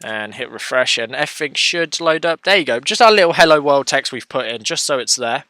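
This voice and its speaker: Male tutorial host, casual and self-correcting, dry close-mic sound, clear tone. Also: mid-range voice, animated, fairly quick, bright, forceful tone, no echo. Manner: thinks aloud, self-correcting, chatty. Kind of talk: casual screen-share coding tutorial.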